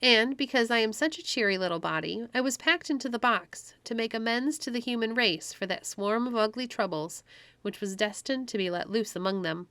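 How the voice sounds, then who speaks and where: A woman's voice: fairly high pitch, expressive, fairly quick, fairly bright tone, clean tone, dry recording. A woman voicing a cheerful, tiny winged fairy with a sweet, coaxing manner in a storybook read-aloud. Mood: gentle.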